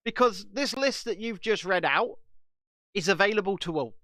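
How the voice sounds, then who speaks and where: High-voiced British man, chatty co-host. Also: normal speed, no room sound. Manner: animated, laughs at own stories. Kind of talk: casual chat.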